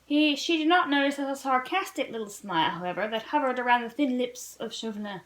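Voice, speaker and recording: High-voiced woman reading a novel aloud. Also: animated, brisk, hardly any pauses, a bit bright, low-quality recording. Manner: earnest storybook narration, occasional slips and restarts. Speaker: reader of a book-club read-along.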